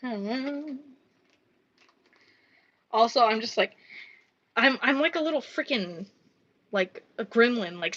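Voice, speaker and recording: A woman's voice: a little high, animated, takes it slowly, pauses often, fairly bright tone. A woman chatting casually on a live stream while crafting, rambling, swearing freely and muttering counts under her breath. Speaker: livestreaming crafter. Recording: dull lo-fi stream audio.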